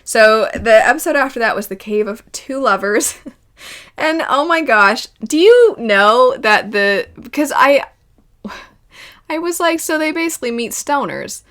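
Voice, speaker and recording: Animated woman in casual reaction commentary. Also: fairly high pitch. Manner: animated and emotional, laughing often. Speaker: video host reviewing a cartoon series.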